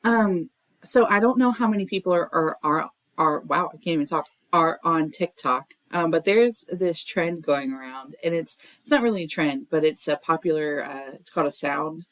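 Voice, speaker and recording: A woman's voice: low-pitched, moderate pace, no room sound. A woman co-hosting a library podcast, telling stories in casual chat and slipping into playful voices. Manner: animated storyteller, slips into playful voices.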